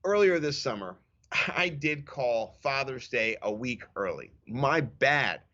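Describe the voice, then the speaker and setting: Podcast co-host, man in his 30s, bright lively delivery, slightly dull lo-fi audio. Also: medium pitch, slow. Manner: animated storyteller, acts out quotes. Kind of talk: casual sports chat.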